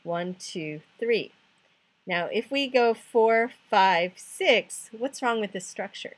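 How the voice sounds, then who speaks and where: A woman's voice: on the high side, expressive, takes it slowly, dry recording. A woman teaching a recorded chemistry lesson, explaining patiently step by step, counting aloud and making self-deprecating jokes. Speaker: chemistry tutor.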